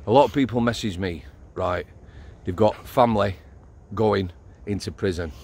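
A middle-aged man with a Yorkshire accent, formerly a prison officer, swears freely as he shares blunt, matter-of-fact stories during a casual night walk outdoors. His fairly low voice is creaky and a little mellow, at normal speed.

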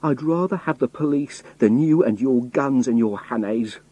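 A man voicing a hunted young man who poses as a rough sailor, protesting and pleading. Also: medium pitch, normal speed, warm tone, no echo, highs cut off, voice pushed up, close to an everyday voice. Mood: pleading, angry.

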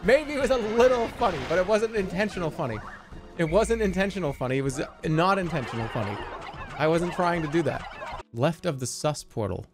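Male streamer, 30s, high voice with big swings, goofy and profane. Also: expressive, fairly quick. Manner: playful, swearing, laughing, goofy voices. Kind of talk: live-stream gameplay commentary.

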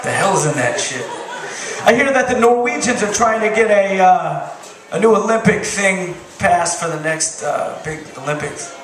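Male stand-up, high-pitched, deadpan and crude; distant, echoey bar recording. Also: normal speed, a crowd in the background. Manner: deadpan one-liners, profane. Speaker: stand-up comedian. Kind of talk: stand-up comedy set. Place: bar stage with crowd. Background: audience laughter.

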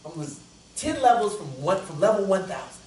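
A pastor preaching a sermon, telling a story with humor and laughter, swinging from loud outbursts to hushed, prayerful lines. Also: male voice, sits high, very animated, brisk, a little hiss or hum. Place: church sanctuary. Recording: echoey church hall from far off. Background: congregation calling out responses.

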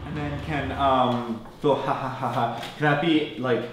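A man composer giving encouraging, halting feedback in rehearsal and speaking about his work. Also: mid-range voice, steady tone. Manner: halting, encouraging, restarts often. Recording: very echoey room, voice far from mic, faint noise.

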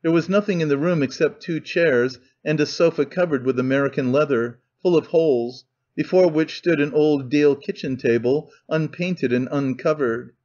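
A man reading a novel aloud as an audiobook narrator, in steady, measured storytelling. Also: fairly high pitch, muffled recording. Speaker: audiobook reader. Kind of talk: scripted narration.

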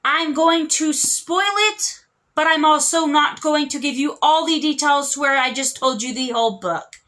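A woman's voice: high voice, measured pace, bright, forceful tone. A young woman chatting casually as a book vlogger, rambling with lots of fillers and restarts. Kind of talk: casual chat.

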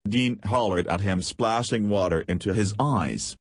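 A man narrating an audiobook in a low, husky voice. His reading is steady, and the recording is dry and close with no room sound. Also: unhurried, hardly any pauses, no room sound. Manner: reads dialogue aloud with profanity.

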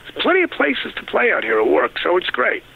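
Gravelly profane ranting man in his 60s. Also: high voice, huge pitch swings, brisk, phone-quality sound, slight background noise. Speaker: comedian guest. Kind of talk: casual phone interview. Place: home.

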